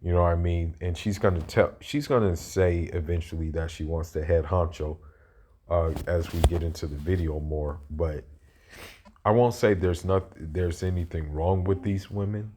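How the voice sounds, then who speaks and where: A man's voice: low voice, fairly even intonation, normal speed, warm tone, a little hiss or hum. A man reacting to a played video in casual, rambling commentary, often restarting and asking "you know what I mean".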